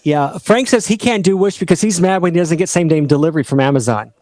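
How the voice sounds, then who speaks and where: A man's voice: a little high, fast, darkish tone, no room sound. A man co-hosting a casual livestream, reading out viewer comments in a chatty, self-deprecating way.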